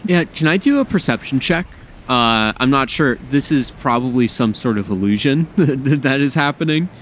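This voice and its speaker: A man's voice: medium pitch, expressive, moderate pace, a bit bright, slight background noise. A man playing a tabletop game, talking hesitantly with many ums. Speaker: player. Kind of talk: casual tabletop game play.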